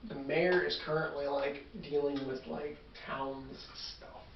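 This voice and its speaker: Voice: mid-range voice, level tone, unhurried, background noise. A game master narrating a tabletop game in a rambling, improvised way, with frequent filler words. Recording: echoey, distant, dull room recording.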